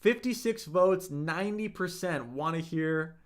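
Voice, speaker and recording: A young man with a somewhat high voice runs a live Mandarin lesson. He reads out chat comments and coaches viewers with enthusiastic, hyped-up energy, taking his time over each point. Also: unhurried. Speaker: Mandarin teacher. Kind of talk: livestream lesson, reading chat.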